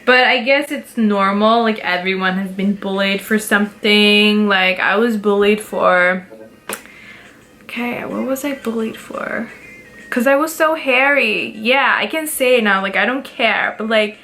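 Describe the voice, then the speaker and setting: Bright chatty young woman vlogger. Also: mid-range voice, measured pace, a little hiss or hum. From Pakistani roots. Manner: chatty, direct, giggly, lots of "like". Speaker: beauty vlogger. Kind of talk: casual chat to camera.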